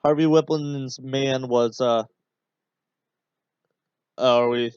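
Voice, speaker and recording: Taking it slowly in a steady, medium-pitched voice with a darkish, clean tone, a man hosts a podcast while watching a match. He rambles with many fillers and turns sarcastic and exasperated, recorded dull and dry with no room sound.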